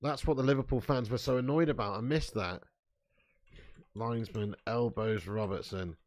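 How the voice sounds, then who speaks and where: A man's voice: medium pitch, quick pace, a little mellow. A man hosting a live football watch-along. He reads chat comments aloud and talks in a casual, sweary way. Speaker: fan channel host.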